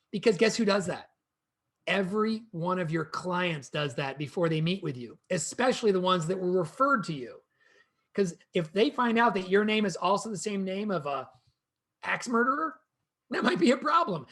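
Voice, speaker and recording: A man presenting a real estate training session in an energetic, conversational way, speaking to a co-host and the viewers. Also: sits high, breathy edge.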